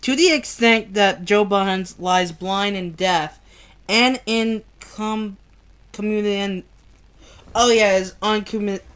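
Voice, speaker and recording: A woman's voice: mid-range voice, slow, a bit bright, clear, resonant tone. A woman reading a book aloud on a stream, who trips over hard words, restarts them and swears and laughs at her own slips. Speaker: amateur reader.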